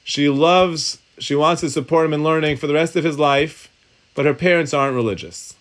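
A man's voice: fairly high pitch, normal speed, fairly bright tone. A man teaching a Talmud and halacha class in a synagogue study hall, thinking aloud, often restarting sentences and mixing Hebrew terms into his English.

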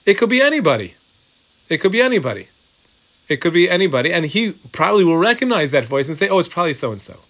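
A man's voice: high-pitched, sing-song, fast talker, a bit bright. A man teaching a Torah class, reading Hebrew and Aramaic text and explaining it in English through repeated examples. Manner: repetitive, working through examples aloud. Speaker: Talmud teacher.

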